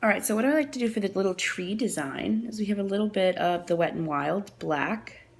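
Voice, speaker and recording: A woman's voice: mid-range voice, fairly quick, gravelly. A woman talking through a nail art tutorial in a chatty, apologetic way, thinking aloud as she works. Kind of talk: casual tutorial narration.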